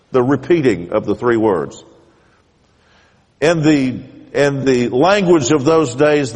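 A male pastor preaches in a slow, deliberate way, his voice a bit husky and breathy. His pitch swings widely, climbing high when he reads scripture aloud. The sound carries a long reverb from a church sanctuary. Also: a little mellow. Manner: preaching with big rises in pitch on quoted scripture. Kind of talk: sermon.

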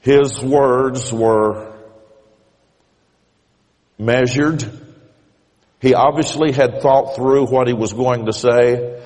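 Pastor preaching in an echoey church. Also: male voice, mid-range voice, steady tone, a little mellow. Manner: measured storytelling, rising emphatically on key points. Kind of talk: sermon. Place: church sanctuary. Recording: church hall reverb.

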